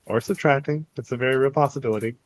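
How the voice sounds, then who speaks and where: A man's voice: mid-range voice, fast, noisy background. A man running a tabletop game as game master, narrating in a laid-back way with many fillers. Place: convention stream setup.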